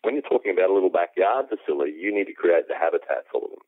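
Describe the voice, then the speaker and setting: A low-voiced man with an Australian accent talks through a long, relaxed explanation, dotting it with ums. His voice comes over a tinny, dry phone line. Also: racing, dry recording. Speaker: aquaponics specialist guest. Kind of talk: explanatory interview answers. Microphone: phone call.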